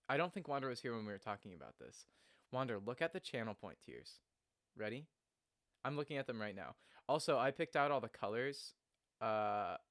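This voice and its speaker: A man's voice: mid-range voice, fairly bright tone, dry recording, clean studio sound. A man who is sick with a cough, chatting casually and laughing often with viewers on a live stream from a small storage room.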